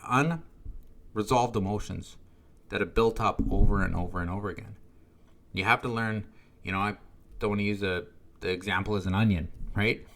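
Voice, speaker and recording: A man's voice: fairly low pitch, a bit bright. A man hosting a podcast for first responders, talking through mindfulness in a casual, coaching tone and often checking in with "right?". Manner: conversational, often adds "right?" as a tag. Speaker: podcast host. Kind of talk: casual spoken coaching monologue.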